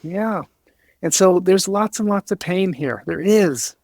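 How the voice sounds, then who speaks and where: A man speaking as a podcast guest, earnest and emotional, halting with many restarts and fillers. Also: high voice, vocal fry, a little mellow, no room sound. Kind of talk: candid interview talk.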